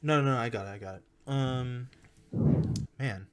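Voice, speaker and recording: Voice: medium pitch, a little slow, smooth. A game master running a tabletop game, narrating loosely with many fillers.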